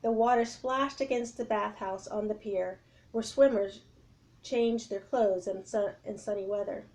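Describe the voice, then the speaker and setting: A woman reading a chapter book aloud to children in an expressive, lively way. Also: mid-range voice, unhurried. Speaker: children's story reader.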